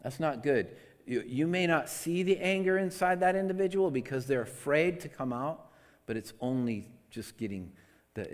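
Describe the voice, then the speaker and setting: A man delivers a sermon through a microphone in a conversational, confessional way, stumbling over restarts and swinging from loud emphasis to soft near-whispers. His voice sits at an ordinary middle pitch for a man. The sound rings with the long reverb of a large hall. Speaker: pastor. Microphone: amplified microphone.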